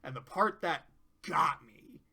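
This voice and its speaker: A man hosting a casual tier-list review, excitable, swearing freely and laughing often. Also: fairly high pitch, slow pace, vocal fry.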